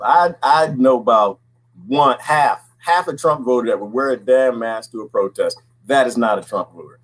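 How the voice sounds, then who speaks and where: Animated husky man. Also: medium pitch, moderate pace, low-quality recording. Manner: animated, folksy, laughs often, rhetorical questions. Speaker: podcast host. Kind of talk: casual talk to viewers.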